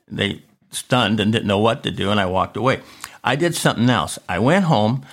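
Male podcast preacher, lowish voice, lively storyteller who laughs along. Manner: animated storyteller, chuckling often. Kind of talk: personal story in a devotional podcast.

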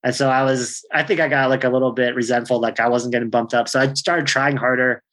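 A man's voice: medium pitch, steady tone, quick pace, a bit bright. A man in his thirties, a stand-up comedian, telling stories in a rambling, laid-back way, swearing freely and laughing often. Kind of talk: casual chat.

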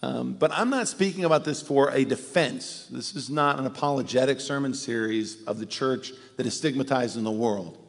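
A middle-aged pastor preaching a sermon in a conversational, animated way. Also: male voice, medium pitch, moderate pace, vocal fry, hardly any pauses. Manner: conversational, animated when acting out quotes. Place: church sanctuary. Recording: long hall reverb.

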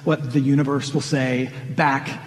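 A man's voice: mid-range voice, level tone, unhurried. A man preaching a sermon in an earnest, conversational way, asking his listeners questions. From Michigan. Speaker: pastor. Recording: long reverb of a large hall.

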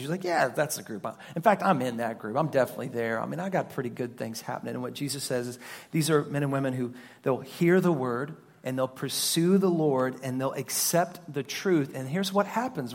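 A middle-aged man preaching a sermon as a pastor, telling family stories with loud animated bursts and quiet mock voices. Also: fairly high pitch.

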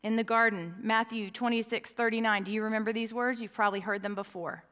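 A woman preaching a sermon to a room, reading scripture slowly and talking earnestly and conversationally, often asking the listeners questions. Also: on the high side, fairly even intonation, fairly bright tone, in a large hall. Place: church room with an audience.

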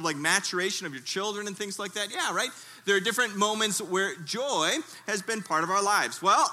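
A man preaching a sermon in a tent, telling a humorous story in a lively way and calling out to his listeners. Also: sits high. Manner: lively, humorous storytelling with audience call-outs. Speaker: pastor.

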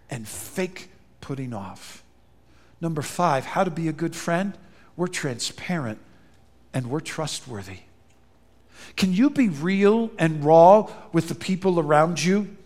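High-voiced male pastor preaching in a hall. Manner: animated, acts out quoted dialogue. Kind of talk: sermon. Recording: long reverb in a large hall.

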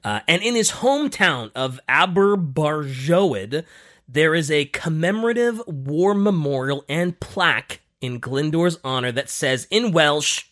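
Animated man telling a story. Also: fairly high pitch, a little slow. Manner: lively, animated storytelling with many fillers. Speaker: podcast host. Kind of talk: casual storytelling chat.

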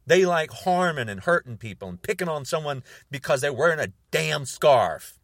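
An angry man in his sixties rants straight to camera, his voice sitting a touch high and swinging widely in pitch. He hammers his points home by repeating words and dragging out the ones he wants to land. The sound is dry, with no room echo. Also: lively intonation, moderate pace. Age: 60s. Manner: heated, repeats words for emphasis. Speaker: video blogger.

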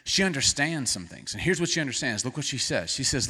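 Animated pastor preaching in a reverberant hall. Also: male voice, medium pitch, moderate pace, slightly rough. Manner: animated, rising to emphatic bursts. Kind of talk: sermon. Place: church sanctuary.

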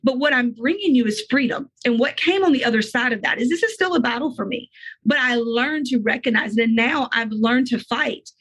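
Husky woman sharing an emotional testimony. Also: on the high side, a bit bright, low-quality recording. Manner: earnest, emotional, fast bursts of speech. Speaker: guest. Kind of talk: faith testimony interview.

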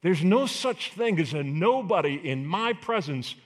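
A man's voice: high-pitched, a little slow. A male pastor preaching a sermon, acting out the voices of the people in a Bible story. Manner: animated, acts out voices of biblical figures.

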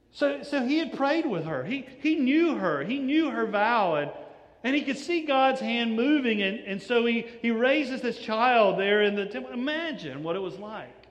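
Brief: male pastor, high voice, conversational sermon with restarts, long reverb of a church sanctuary. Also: muffled recording. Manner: conversational, repeats words on restarts.

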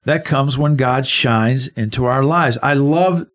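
A man co-hosting a conversational Bible study explains verses slowly, leaning hard on single words. His voice is medium in pitch, and he serves as both Bible teacher and co-host.

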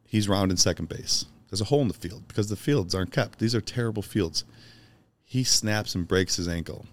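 Brief: low-voiced man from Chicago, podcast guest, emphatic and sincere storyteller. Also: brisk. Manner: emphatic, heartfelt, swears casually. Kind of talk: personal storytelling in conversation.

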